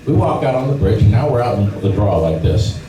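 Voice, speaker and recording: A middle-aged man with a lowish voice spins animated fishing stories, acting out voices and sounds along the way. He is picked up from far off in an echoey room with steady background noise. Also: a little fast. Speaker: fishing guide giving a club talk. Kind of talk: storytelling seminar talk. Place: club meeting room.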